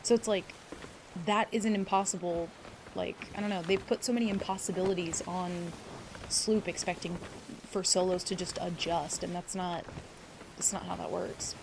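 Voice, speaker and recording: A woman's voice: fairly low pitch, steady tone, normal speed, creaky, noisy background. A woman streamer chatting casually with her viewers, rambling and swearing freely, teary at moments. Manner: rambling, emotional, swears freely, greets chat by name. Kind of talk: casual live-stream chat.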